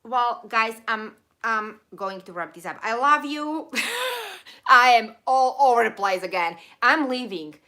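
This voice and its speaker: Effusive accented woman streamer, voice going hoarse, bright and a touch high. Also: animated. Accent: non-native accent. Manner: rambling, effusive, quick laughs, lots of thank-yous. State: losing her voice. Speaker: channel host of a live stream. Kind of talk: casual live-stream chat reading viewer comments.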